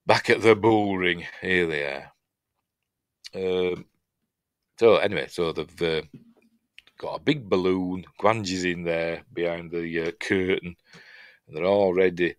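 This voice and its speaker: A middle-aged film reviewer from Yorkshire, England, rambles casually through a film breakdown with dry humour, acting out lines in his Yorkshire accent. His voice is low and unhurried with frequent pauses, and there's no room sound.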